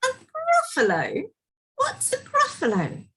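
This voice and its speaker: A woman voicing a timid, high-strung male snake in a storybook reading, shrill and squealing. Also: wildly swooping pitch, measured pace, heavily acted, poor audio. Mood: alarmed.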